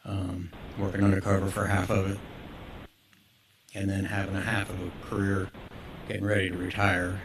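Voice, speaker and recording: Man near seventy, lowish pitch, earnest heartfelt delivery at a council podium; noisy chamber audio. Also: completely flat delivery, normal speed, pauses often. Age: 60s. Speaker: business owner speaking at public comment. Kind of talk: personal public comment at a council meeting.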